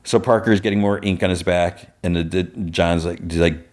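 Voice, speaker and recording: A man hosting a podcast, casually retelling an episode scene by scene with lots of filler words and quick quoted lines. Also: sits low, steady tone, a little mellow. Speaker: podcast host.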